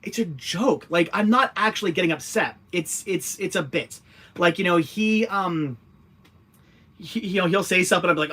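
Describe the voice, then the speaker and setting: Reading out comments from viewers, this young livestreamer rambles through his answers, restarting often, leaning on fillers and laughing readily. His voice is high-pitched, bright, forceful and slightly rough, at a moderate pace.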